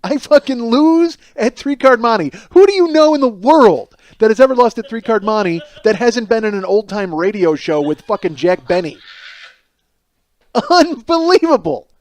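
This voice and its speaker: A man's voice: high voice, moderate pace, few pauses, a little mellow. A man hosting a podcast, telling a profane, self-mocking comic story alone and acting out the people in it. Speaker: podcast host. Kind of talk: comedic storytelling monologue.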